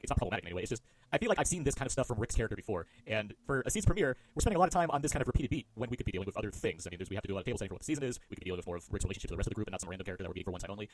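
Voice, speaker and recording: A man on a podcast sharing his critique of an episode, hedging and restarting as he talks. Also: fairly low pitch. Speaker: podcast co-host. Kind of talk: casual podcast discussion.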